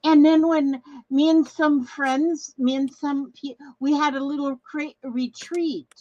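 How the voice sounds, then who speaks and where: An older woman from Minnesota, US, hosts a craft livestream, chatting cheerfully and rambling through viewer comments as she reads them aloud, trailing off and restarting her sentences. She speaks slowly with a fairly high, warm voice and fairly even intonation. The close, dry recording has no echo and sounds slightly muffled.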